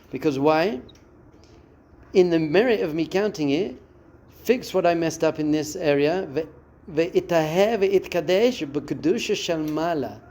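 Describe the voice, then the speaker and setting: A man's voice: on the high side, a little hiss or hum. A man, a rabbi giving a spiritual lesson and acting out the voices in a listener's head. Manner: expressive, acts out inner voices and quotes. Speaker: rabbi teaching a class.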